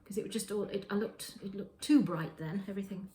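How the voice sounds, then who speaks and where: A woman's voice: mid-range voice, fast, mellow. Rambling woman in an echoey kitchen. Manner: rambling, with frequent restarts and self-corrections. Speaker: knitting podcast host. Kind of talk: casual show-and-tell chat. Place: home kitchen.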